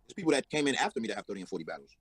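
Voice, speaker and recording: Husky fast-talking male rapper. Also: lowish voice, very animated, no room sound, poor audio. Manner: laid-back, repeats words, swears. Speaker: rapper, interview guest. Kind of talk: casual interview chat.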